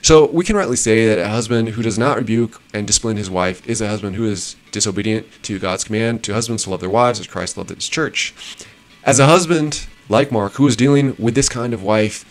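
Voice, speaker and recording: A man reading passages aloud and adding his own rambling, casual commentary with frequent restarts. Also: mid-range voice. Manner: shifts between measured reading and rambling asides with restarts. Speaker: host reviewing marriage advice.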